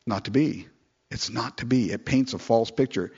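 Animated man preaching a sermon, lo-fi. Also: moderate pace, breathy edge. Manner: conversational, animated, mimics people in falsetto quotes.

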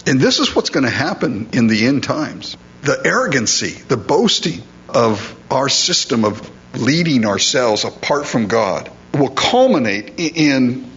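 A man's voice: medium pitch, slightly rough. A middle-aged man preaching a sermon in a conversational, storytelling way, acting out quotes along the way. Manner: conversational, anecdotal, animated when acting out quotes. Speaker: pastor. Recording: slightly dull, faint hum.

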